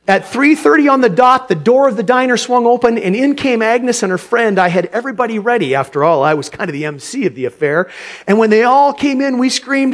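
A man preaches by telling a story, expressive and quick to laugh or choke up. His voice is fairly high and swings widely as he animates the telling.

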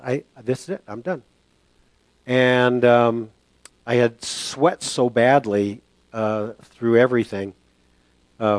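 Older man, sermon storytelling, halting, reflective, dry close sound. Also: medium pitch, dry recording. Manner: halting and reflective, many fillers and restarts. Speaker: preacher. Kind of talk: sermon with personal storytelling and prayer.

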